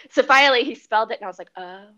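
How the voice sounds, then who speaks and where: A woman's voice: a little high, quick pace, pushed and bright. A young woman talks casually as an interview guest. She is chatty, laughs often and fills her sentences with "like". Her voice comes through a slightly muffled, lo-fi recording. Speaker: corporate pilot, podcast guest. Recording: slightly dull lo-fi sound.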